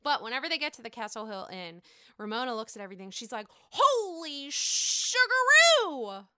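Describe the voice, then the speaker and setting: Bright, gossipy woman recapping reality TV. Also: a little high, racing, clear, resonant tone, no echo, clean studio sound. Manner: gossipy, animated, mocks quotes in put-on voices. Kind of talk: casual recap commentary.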